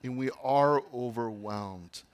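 A man preaching a sermon as pastor, swinging from loud declamation to hushed whispers. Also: medium pitch, takes it slowly, clear, resonant tone.

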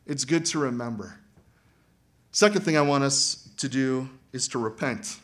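A man preaching a sermon as pastor, animated and acting out quoted voices. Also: medium pitch, a little slow.

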